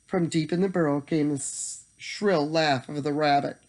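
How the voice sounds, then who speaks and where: A storyteller reading a bedtime story aloud in an expressive manner that slows for tension. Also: mid-range voice.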